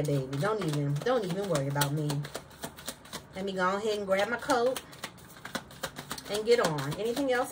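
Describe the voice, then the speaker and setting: A woman giving a casual tarot reading, sassy and slangy, talking straight to her viewers. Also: mid-range voice. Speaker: tarot reader. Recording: distant mic with clear background noise.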